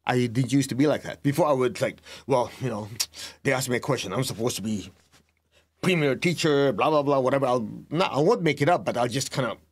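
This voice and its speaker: A middle-aged man giving a spiritual lesson as a meditation teacher, talking deliberately and telling students to write points down. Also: medium pitch, husky. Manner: slow, deliberate, tells students to write things down; laughs at himself, acts out remembered exchanges.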